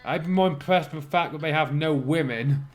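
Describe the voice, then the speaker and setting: A man's voice: fairly high pitch, brisk, soft background music, natural voice. A man reading an earnest young male hero leader's lines in his own voice, in a plain amateur reading.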